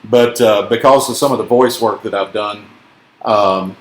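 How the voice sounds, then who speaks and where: A man's voice: fairly low pitch, fairly even intonation, measured pace. A man from Tennessee with a mild Southern accent, hosting a casual card-break chat and joking as he calls out each card. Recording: echoey room.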